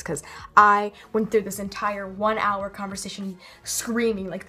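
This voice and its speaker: A woman's voice: mid-range voice, flat delivery, a little slow, sharp tone, faint music behind. Rambling young woman vlogger. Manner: rambling, self-interrupting, acts out quotes. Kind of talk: casual storytelling vlog.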